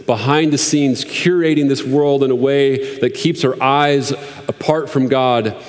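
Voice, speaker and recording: Man in his 30s, pastor, chatty earnest sermon delivery, mid-pitched, long hall echo. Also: fairly even intonation, unhurried. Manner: conversational, earnest, with fillers and restarts.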